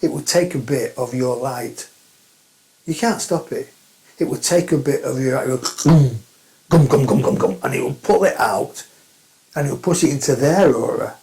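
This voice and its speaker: A man's voice: mid-range voice, normal speed, vocal fry, darkish tone, low-quality recording. A man giving a spiritual talk, plain-spoken and emphatic, often repeating phrases. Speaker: spiritual teacher.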